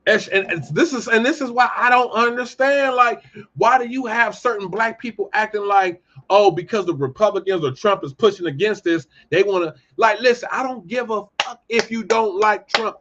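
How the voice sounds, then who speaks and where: A man hosting a casual commentary monologue, heated and ranting, jumping from loud outbursts to low muttering. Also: expressive, normal speed. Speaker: commentary host. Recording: dull lo-fi audio.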